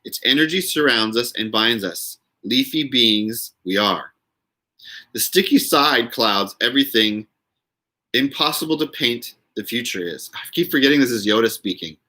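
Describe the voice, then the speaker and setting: A man's voice: mid-range voice, animated, normal speed, pushed and bright. A man hosting a casual live stream, chatting with viewers in a giggly way and reading their names aloud.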